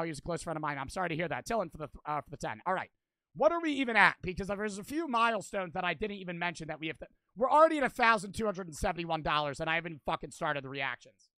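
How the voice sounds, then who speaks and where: Swearing young man streamer, bright and high. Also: expressive, fast talker, vocal fry, no room sound. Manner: swears constantly, rattles off donor thanks. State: out of breath. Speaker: livestreamer. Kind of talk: casual charity livestream chat.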